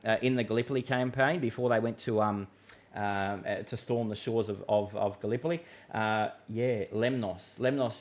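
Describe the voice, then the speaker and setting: A middle-aged Australian man hosting a live weather stream, chatting loosely with viewers and rambling through many fillers and restarts. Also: medium pitch. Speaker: weather livestream host. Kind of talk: casual live chat reading viewer comments.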